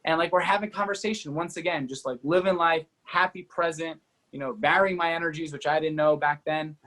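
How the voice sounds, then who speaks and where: A man who is a guest on a podcast, telling a personal story as an energetic, fast-talking storyteller with many fillers like "you know" and "like". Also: fairly high pitch. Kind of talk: animated storytelling in an interview.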